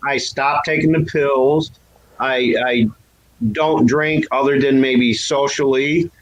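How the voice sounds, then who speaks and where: Speaking slowly with fairly even intonation, a man recalls his past in a candid, casual chat, laughing at himself. He raises his voice to imitate people he quotes, and the audio is poor.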